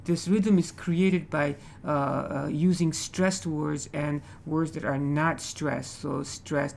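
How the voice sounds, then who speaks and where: A man teaching a literature class, speaking haltingly and checking in with the students after nearly every point. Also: on the high side, steady tone, vocal fry, darkish tone, slight background noise. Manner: hesitant, many fillers. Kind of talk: classroom lecture.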